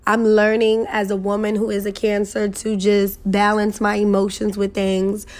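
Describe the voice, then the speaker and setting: A woman's voice: mid-range voice, monotone, normal speed, darkish tone. A young woman chatting casually to camera in a sassy, emphatic, profane way, laughing often. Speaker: vlogger.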